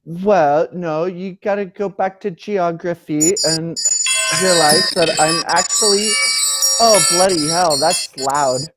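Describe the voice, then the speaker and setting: Older uk-born guy being interviewed, slow and joky, stops and starts a lot. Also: high-pitched, over loud music. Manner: joking, slow and halting. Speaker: guest.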